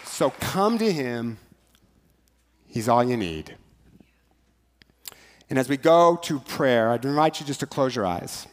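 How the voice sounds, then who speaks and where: A man's voice: medium pitch, very animated, slow pace, pauses often. A man preaching a sermon as pastor, conversational and joking, shifting at times into rhythmic rhyming lines. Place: church sanctuary. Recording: long church hall reverb.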